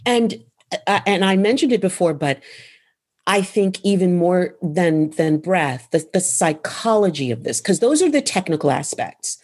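A woman's voice: lowish voice, expressive, measured pace, a little mellow, husky. A woman who is a voice coach and author, answering interview questions in an emphatic, instructive way and landing her phrases firmly.

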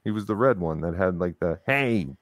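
A man's voice: sits low, steady tone, a little fast, dry recording, clean studio sound. A man co-hosting a podcast, chatting casually and rambling, with lots of fillers and restarts. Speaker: podcast co-host. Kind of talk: casual chat.

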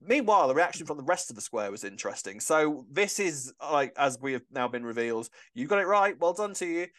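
A man's voice: a little high, sing-song, brisk, a bit bright. A man co-hosting a podcast, chatting enthusiastically about a soap opera, often restarting his sentences. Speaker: podcast co-host.

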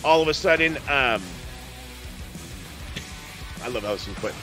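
A man's voice: medium pitch, animated, measured pace, bright, forceful tone, faint music behind. A man hosting a podcast, recapping wrestling in casual, profane, rambling chat. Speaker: podcast host.

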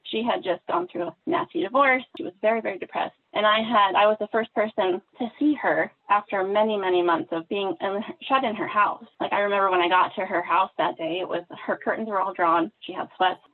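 A woman telling a personal story in casual podcast talk, animated and acting out what others said. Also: mid-range voice, fairly quick, hardly any pauses. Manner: animated storyteller, acts out quoted voices. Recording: tinny phone-like line.

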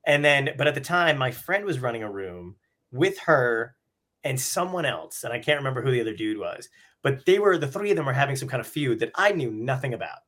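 A man's voice: mid-range voice, sing-song, brisk, fairly bright tone. A man hosting a casual chat, telling a comedy story with loose swearing and acted-out quotes. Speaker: podcast host, comic.

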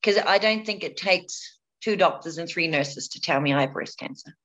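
A woman's voice: lowish voice, normal speed, a bit bright, highs cut off. A woman, a guest telling her own story in a frank, candid way and often repeating words. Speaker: interview guest, breast cancer survivor. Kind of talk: personal storytelling in conversation.

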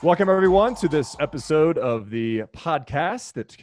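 A man's voice: on the high side, lively intonation, normal speed, darkish tone, soft background music. A man hosting a podcast, introducing the episode and the guest in a friendly, chatty way with many fillers. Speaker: podcast host.

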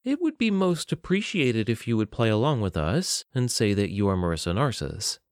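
A man's voice: on the low side, big pitch swings, fairly quick, no echo, clean studio sound. A man voicing a smug, scheming male captor who speaks with mocking, false politeness.

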